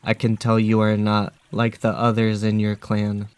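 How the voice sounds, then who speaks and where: A man voicing a huge menacing talking wolf, delivering threats in a flat, measured way. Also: on the low side, clean tone, no echo, lightly acted.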